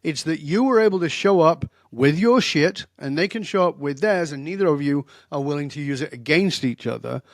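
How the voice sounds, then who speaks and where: A man's voice: a little high, fairly quick, hardly any pauses, no room sound, studio quality. An older man telling stories in a direct, emphatic way as a guest in a podcast interview. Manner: direct, emphatic, animated storyteller. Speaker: guest expert.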